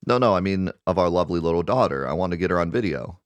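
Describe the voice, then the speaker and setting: Man playing a doting middle-aged game professor, low voice. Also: animated, quick pace, dry recording. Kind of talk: reading game dialogue aloud.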